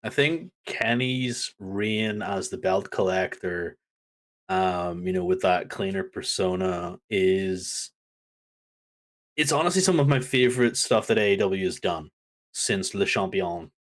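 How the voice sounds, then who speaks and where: Animated man, low voice. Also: measured pace. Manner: animated storytelling, acts out crowd reactions. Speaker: podcast co-host. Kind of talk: casual wrestling chat.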